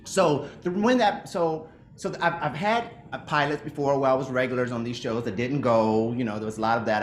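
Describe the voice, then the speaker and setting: A man's voice: mid-range voice, reverberant, slight background noise. A middle-aged male actor speaking earnestly and with emotion in an interview over a video call, often restarting his sentences. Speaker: actor, guest. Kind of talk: reflective interview talk. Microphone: remote video call.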